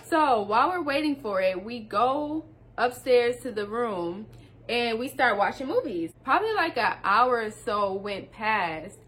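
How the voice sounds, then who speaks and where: A young woman, telling a story to her viewers in a casual vlog, animated and laughing as she talks. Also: on the high side, measured pace.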